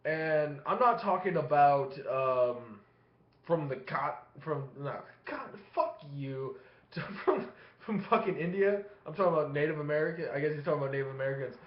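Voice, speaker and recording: A man's voice: a little high, normal speed. Rambling, swearing man on a lo-fi webcam. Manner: profane, rambling, laughing between phrases. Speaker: vlogger. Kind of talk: casual storytelling vlog. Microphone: webcam facing him. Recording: echoey room, dull lo-fi sound.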